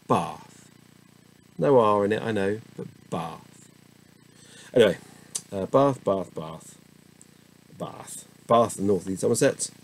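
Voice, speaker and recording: A middle-aged man reads the dictionary out loud at a slow, tired crawl, with musing asides. His voice sits low and gravelly. A faint hiss of noise runs underneath. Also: low-quality recording. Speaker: host reading the dictionary aloud. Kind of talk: casual dictionary reading.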